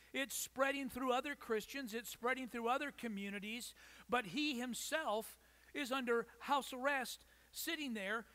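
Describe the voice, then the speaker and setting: A male pastor delivers an emphatic sermon, pausing for effect and throwing rhetorical questions at his listeners. His voice sits high for a man. It is bright and ringing. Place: church.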